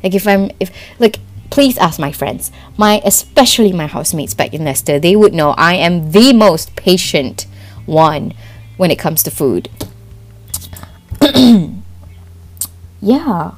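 A young woman with a Malaysian accent, hosting a podcast and telling a story in a giggly, excitable way, laughing often. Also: fairly low pitch, takes it slowly, long pauses, faint music behind. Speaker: podcast host. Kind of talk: casual storytelling monologue.

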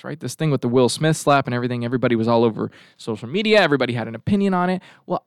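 A man's voice: mid-range voice, dry recording, clean studio sound. A male talk show host giving a rambling, sarcastic commentary monologue and throwing asides to his crew. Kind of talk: casual political commentary monologue.

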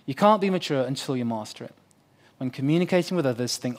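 A man's voice: medium pitch, lively intonation, fast talker. A young man preaching a sermon as pastor, earnest and conversational with playful asides.

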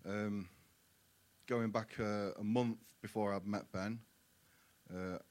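A man giving his personal testimony in church, earnest and halting. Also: lowish voice, steady tone, darkish tone. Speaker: guest sharing his testimony. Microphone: handheld mic.

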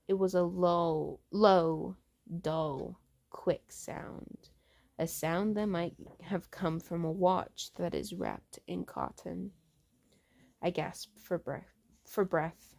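A woman hosting a show, reading a horror story aloud in a halting way, restarting on words. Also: lowish voice, expressive, vocal fry, darkish tone. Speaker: host reading books aloud.

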